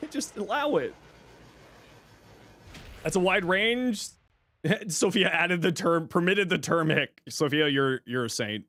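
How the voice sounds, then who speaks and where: This man from Toronto, Canada, talks at a measured pace in a slightly high, sharp-toned voice. He's streaming and chatting casually with viewers, answering them in a laid-back, rambling way.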